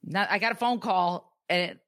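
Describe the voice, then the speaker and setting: A woman in her thirties talks candidly and casually as a podcast co-host, tossing in quick asides. Her voice is low and the recording is close and dry. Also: fairly bright tone, dry recording. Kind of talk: casual chat.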